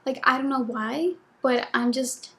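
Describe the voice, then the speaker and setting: High-voiced chatty young woman vlogger. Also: measured pace, fairly bright tone. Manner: chatty, gushing, lots of "like" fillers. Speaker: book vlogger. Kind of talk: casual chat.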